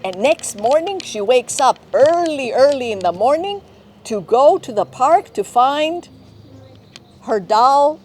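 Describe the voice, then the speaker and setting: Woman, teacher, storytelling to children, very slow, slightly high pitch. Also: animated, a little mellow, slight background noise. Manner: slow, clear, often checking with children. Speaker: teacher, director of studies. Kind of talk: storytelling to young learners.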